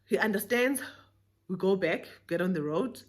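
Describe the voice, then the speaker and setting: A young South African woman with a South African accent tells a story in a lively way, mixing English with Zulu phrases. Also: mid-range voice, moderate pace. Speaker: vlogger. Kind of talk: storytime vlog.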